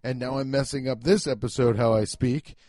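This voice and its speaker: A young man hosting a casual solo podcast, talking loudly and emphatically, swearing and poking fun at himself. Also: medium pitch, steady tone, a little fast, no room sound, studio quality. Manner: loud, emphatic, swearing, self-mocking. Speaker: podcast host. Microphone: home podcast mic.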